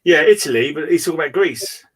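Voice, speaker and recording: A man's voice: a little high, lively intonation, fast. A man hosting a casual online chat, telling stories in a rambling way, with many restarts and fillers and frequent laughter. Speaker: host. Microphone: remote call.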